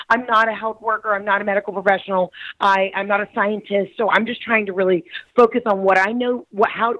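A woman comedian talking as a guest on a podcast, chatty and giggly, telling animated stories. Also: medium pitch, dry recording, low-quality recording. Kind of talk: casual podcast interview.

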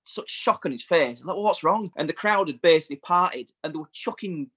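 A man, a touring bass player, telling rambling tour anecdotes in casual chat. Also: animated, brisk, pushed and bright, husky. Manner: rambling storyteller, laughs through anecdotes.

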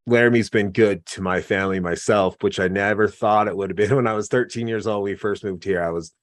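Man, casual storyteller, dry close sound, relaxed pace, frequent fillers. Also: on the low side, fairly quick, no echo. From American West. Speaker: guest. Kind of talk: casual conversation.

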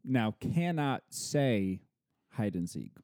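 Male podcast co-host, dad telling animated stories, warm dark tone, dry close sound. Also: mid-range voice, slow pace, no echo. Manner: animated storytelling, acting out his child's lines. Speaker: podcast co-host, father of a toddler. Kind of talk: casual podcast chat.

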